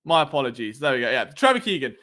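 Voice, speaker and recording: A man's voice: mid-range voice, sing-song, quick pace, pushed and bright. A man in his late twenties, hosting a casual sports live stream from home at night, chatty and jokey, often tripping over names. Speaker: sports podcast host. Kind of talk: casual live stream chat reading comments. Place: home at night, below noisy neighbours.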